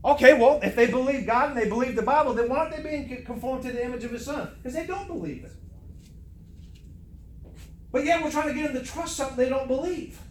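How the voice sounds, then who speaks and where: A man's voice: very high-pitched, quick pace. A man preaching a fervent, emphatic sermon, repeating words for stress. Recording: echoey room, faint noise.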